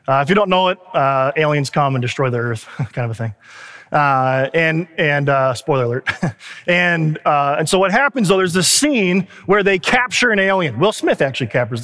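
A man with a high voice preaches in a loose, animated, conversational manner, acting out quoted lines as he goes. His voice rings out with the long reverb of a large hall. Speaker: pastor. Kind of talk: sermon.

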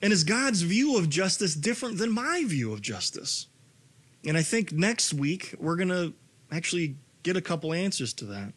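A male pastor in his thirties delivers a sermon in a slightly high voice. He talks in a loose, conversational way, then climbs to a raised, urgent pitch when he reads the scripture passages. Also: moderate pace. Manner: animated, rising to near-shouting on scripture quotes.

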